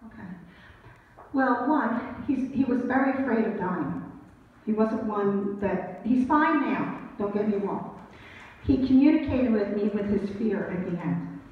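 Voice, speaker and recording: A woman's voice: mid-range voice, animated, a little slow. A woman in her sixties working as a psychic medium, telling stories to a live audience in a chatty, laughing, self-deprecating way. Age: 60s. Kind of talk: live audience storytelling and readings. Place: event hall before an audience. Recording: distant echoey hall, muffled.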